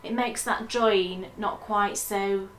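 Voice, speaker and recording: A woman's voice: medium pitch, steady tone, takes it slowly, a bit bright. Woman, podcast co-host, chatty, enthusiastic, echoey room, faint hiss. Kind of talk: casual knitting podcast chat.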